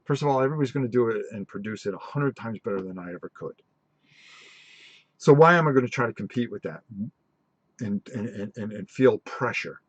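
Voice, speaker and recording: Man, middle-aged, husky voice, lively swooping pitch, rambling live-stream host. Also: fairly quick, no room sound, muffled recording. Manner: rambling, animated storytelling with many restarts. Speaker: host of a tabletop gaming channel.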